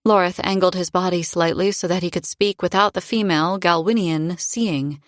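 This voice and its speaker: A woman narrating a fantasy audiobook in first person, with a measured, expressive reading. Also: lowish voice, no echo, clean studio sound.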